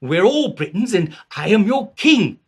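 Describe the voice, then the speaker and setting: A man's voice: sits high, big pitch swings, measured pace, breathy edge, pitched above the performer's own voice, heavily acted. A man voicing a haughty English king with a pompous, commanding manner.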